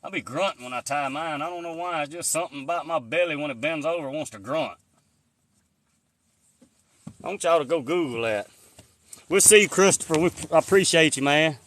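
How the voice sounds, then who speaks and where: A man's voice: on the high side, normal speed, long pauses, fairly bright tone. Folksy man live-streaming outdoors. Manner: rambling, folksy, answers viewer comments. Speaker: livestreamer. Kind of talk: casual live-stream chat. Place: outdoors in the woods. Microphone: phone held in hand.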